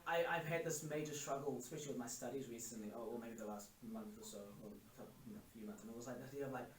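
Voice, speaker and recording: Fast-talking reflective man, echoey room. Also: mid-range voice. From South Africa. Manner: talkative, reflective, frequent fillers. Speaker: podcast guest. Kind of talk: casual conversation. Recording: echoey room, distant mic, faint music.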